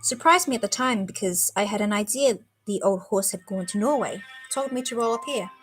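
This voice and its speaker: A woman puts on a careless young man-about-town who talks in loose, slangy phrases, as in a read-aloud story. The voice stays at a middle pitch. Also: lively intonation, fairly quick, soft background music, natural voice. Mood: breezy. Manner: casual and slangy.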